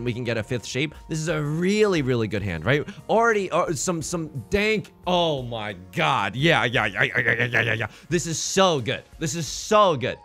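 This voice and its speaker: A man casually commentates his own gameplay and jokes as he reasons through each move. His voice is bright and very lively, with wide pitch swings. Faint music plays underneath. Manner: excitable, jokey, thinking aloud. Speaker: let's play host.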